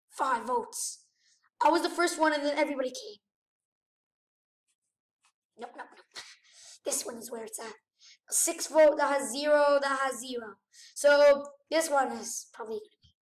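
A woman giving excitable gameplay commentary, often gasping and exclaiming. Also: high-pitched, roomy sound, far from the mic. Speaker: gamer.

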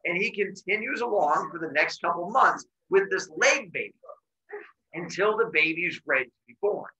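A man teaching a class by retelling a myth in an animated, jokey way with deadpan asides. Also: high voice, normal speed, low-quality recording. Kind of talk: comic myth storytelling to a class.

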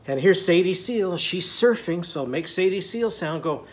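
A male literacy teacher leads a children's phonics lesson in a playful, sing-song style, guiding listeners through call-and-response chants. His voice is on the high side at a moderate pace, with slight background noise.

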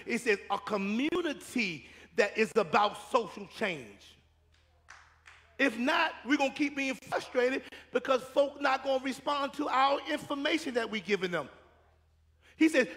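High-pitched gravelly preacher in a hall. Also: male voice, fairly bright tone. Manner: preaching with rising and falling intensity, repeating phrases. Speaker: pastor. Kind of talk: sermon. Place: church sanctuary. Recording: reverberant church hall.

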